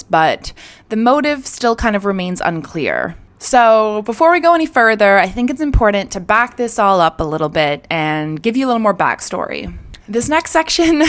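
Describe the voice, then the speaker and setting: A woman's voice: mid-range voice, a bit bright. A young woman hosting a true crime show. She retells the case in a casual, chatty way, full of "like" and "you know.".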